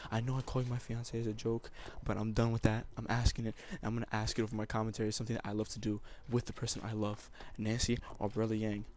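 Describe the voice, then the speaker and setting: A man's voice: lowish voice, flat delivery, quick pace, few pauses, a little mellow. A young man making an emotional, teary proposal over a gaming commentary, rambling and repeating himself. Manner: rambling and repetitive, often saying basically. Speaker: YouTuber.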